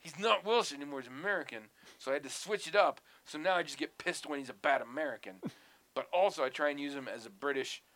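Animated, profane man with a bright voice. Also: on the high side, quick pace. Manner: animated, profane, ranting with mock outrage. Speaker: podcast co-host. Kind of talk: casual chat.

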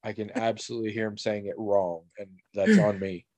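A man's voice: lowish voice, big pitch swings, a little fast, mellow, dry recording. Give me a sardonic, teasing podcast host, a man with a dry sound. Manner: sardonic, teasing, swears casually. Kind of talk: casual chat.

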